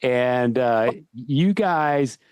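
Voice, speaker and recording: A man hosting a podcast, chatting casually and telling a long, lively story before asking his guest a question. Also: medium pitch, extremely slow, smooth, dry recording. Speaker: podcast host. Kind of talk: casual interview chat.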